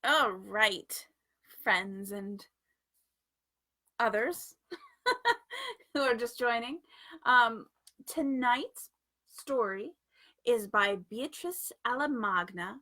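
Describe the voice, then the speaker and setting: A woman hosting a storytime livestream, chatting in a playful, giggly way. Her voice sits high and bright, and she talks slowly and unhurriedly. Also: sing-song. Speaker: storytime host. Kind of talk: casual livestream chat.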